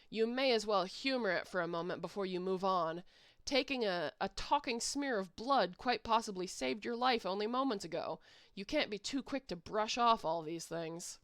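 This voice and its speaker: A young woman reading a webcomic aloud in a playful, animated way, reacting to the text as she goes. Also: medium pitch, clean tone, no room sound, clean studio sound. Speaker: webcomic reader.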